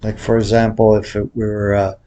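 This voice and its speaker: A middle-aged man walks through a lesson in a loose, chatty way. His voice sits on the low side, and he drifts off topic, laughing at himself. Some words carry a faint whistle from a cracked tooth. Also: monotone, moderate pace, dark tone, lo-fi sound. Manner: rambling, jokey, laughs at himself. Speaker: baccarat instructor. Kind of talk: casual tutorial commentary.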